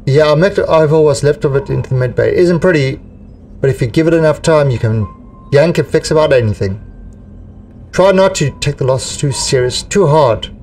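Man reading a steady merc XO, reassuring briefing tone, mic a bit distant. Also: a little high, moderate pace, slight background noise, lightly acted. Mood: calm. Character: steady male mercenary executive officer.

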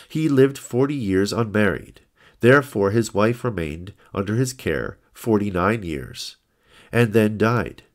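A man narrating an old religious text in a solemn, measured reading style. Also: on the low side. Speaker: audiobook narrator. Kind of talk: scripted scripture-style narration.

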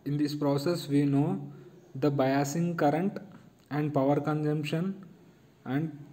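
A young man giving a halting technical presentation on a circuit design, pausing and restarting often. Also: fairly high pitch, steady tone, mellow, poor audio. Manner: halting, with many pauses and restarts.

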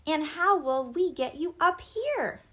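A woman's voice: high voice, lively intonation, slow pace, fairly bright tone, voice pushed up, full character voice. A woman doing an eager young princess.

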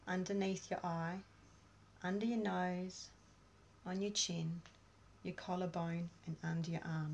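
A woman giving a casual online workshop from home, chatting in a rambling way with many fillers. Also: mid-range voice. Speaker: workshop presenter. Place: at home with her dog.

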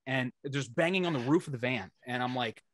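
A man's voice: mid-range voice, a little fast, dry recording. A man in a casual podcast chat, telling road stories with lots of swearing and acting out what others said. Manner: animated storyteller, swears freely, acts out what others said. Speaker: band member telling tour stories.

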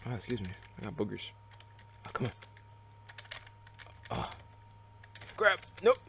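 A man giving live gameplay commentary, excitable and reactive, muttering and swearing at the game as he plays. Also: lowish voice, unhurried, vocal fry, background noise. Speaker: let's play gamer.

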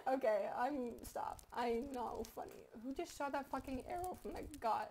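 A woman's voice: high-pitched, expressive, normal speed, hardly any pauses, darkish tone. A young woman in her teens, rambling, swearing and giggling as she comments on a game she is playing at home. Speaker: gaming YouTuber. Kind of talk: casual gaming commentary.

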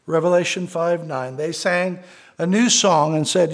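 Male pastor, earnest sermon, gravelly voice, slightly high pitch. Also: fairly even intonation, normal speed. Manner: earnest storytelling, quoting scripture. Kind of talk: sermon with read-aloud story.

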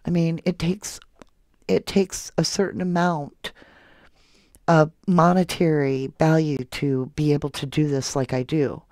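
This soft-spoken woman hosts a true crime channel on a livestream, reading viewer comments aloud and affectionately calling her audience love and honey. Her voice is low-pitched, level and unhurried, recorded clean in a studio with no room sound.

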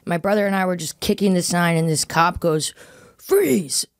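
A woman's voice: fairly even intonation, brisk, no echo, clean studio sound. Offhand woman telling a story. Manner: offhand, low-key, self-deprecating telling. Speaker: podcast guest. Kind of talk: casual podcast storytelling.

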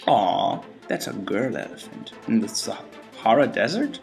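A young man giving casual let's-play commentary, excitable and easily frustrated, talking back at the game and to his viewers. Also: on the low side, moderate pace, gravelly, faint music behind. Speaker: gaming channel host.

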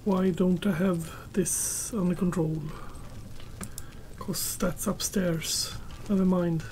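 Unhurried woman murmuring over gameplay. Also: on the low side, steady tone, mellow, slight background noise. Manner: unhurried, muttering to herself and chatting to her tamed pets. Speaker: gameplay commentator. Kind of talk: casual gameplay commentary.

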